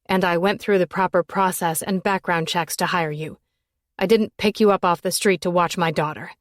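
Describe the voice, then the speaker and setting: A woman voicing a grieving widowed male professor in an audiobook, speaking low, quiet and measured. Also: fairly even intonation, no room sound, studio quality, lightly acted. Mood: firm. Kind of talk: audiobook character reading.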